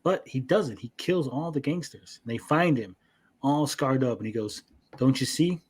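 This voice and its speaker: Male co-host, casual and profane, mid pitch, breaks into quick quoted voices while recapping. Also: animated, breathy edge. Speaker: podcast host. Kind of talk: casual chat.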